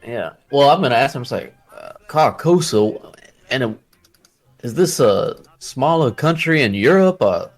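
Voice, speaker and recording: A man's voice: mid-range voice, lively intonation, measured pace, soft background music. A man playing a tabletop game, asking curious, probing questions in and out of character. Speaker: player.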